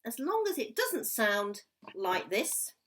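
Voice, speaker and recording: A woman's voice: on the high side, sing-song, takes it slowly, very noisy. A woman teaching a recorded music lesson to young children at home, in a sing-song, encouraging way that draws words out. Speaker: primary school music teacher.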